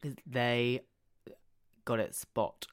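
A man co-hosting a podcast in easygoing casual chat. He is playful and keeps chiming in with quick agreement. He speaks at a medium pitch. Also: fairly even intonation. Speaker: podcast co-host.

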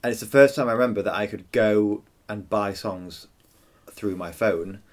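A man's voice: lowish voice, moderate pace. A man co-hosting a podcast, reflecting chattily on songs and memories in a casual music review. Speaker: podcast co-host.

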